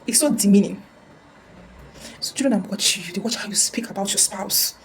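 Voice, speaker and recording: A woman's voice: mid-range voice, fairly quick, slight background noise, low-quality recording. A woman counselor giving earnest advice in a casual talk, often repeating words and restarting.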